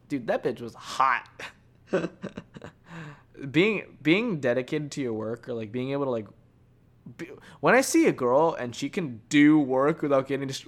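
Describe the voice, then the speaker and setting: A young man chats alone into his podcast mic. He rambles and restarts, swears freely and leans on "like" in nearly every line. His voice sits at a middling male pitch. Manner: rambling, profane, heavy filler "like". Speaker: podcast host. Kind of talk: casual solo storytelling.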